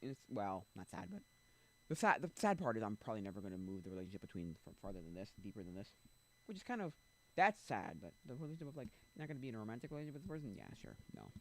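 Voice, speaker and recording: A man chats on a casual livestream from his home setup, rambling through restarts and asides. He is blunt and loose with his words. His pitch swings lively up and down as he talks. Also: racing, low-quality recording. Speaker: streamer.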